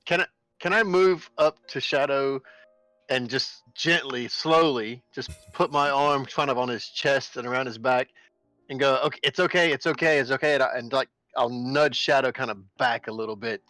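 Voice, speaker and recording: A man's voice: mid-range voice, steady tone, normal speed, pushed and bright, no echo, faint music behind, poor audio. A man playing a tabletop game, hesitantly describing what his character does. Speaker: player.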